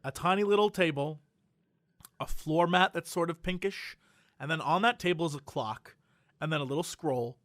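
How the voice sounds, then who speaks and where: A man co-hosts a casual podcast chat in a high, bright, forceful voice at a moderate pace. He tells stories animatedly and laughs often, recorded on a close, dry mic with no room sound.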